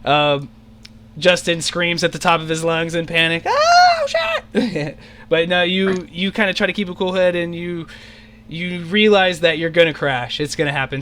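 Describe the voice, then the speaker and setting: A man running an online tabletop game as dungeon master, narrating in a rambling way with lots of fillers. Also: a little high. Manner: rambling, filler-heavy, quick to shout out character lines. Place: home, on an online voice call.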